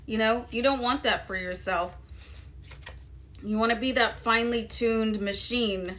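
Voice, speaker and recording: A woman's voice: fairly high pitch, a little slow, fairly bright tone. A woman giving a casual tarot card reading to her viewers in a loose, chatty way with many fillers. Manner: chatty, loose, lots of "you know" and "um". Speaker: tarot reader.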